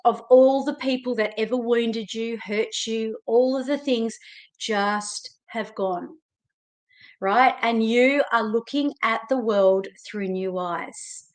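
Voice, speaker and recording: Slow, emphatic Australian woman coach. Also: a little high. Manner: emphatic, animated, speaks directly to listener. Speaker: self-help coach. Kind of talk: motivational talk to camera.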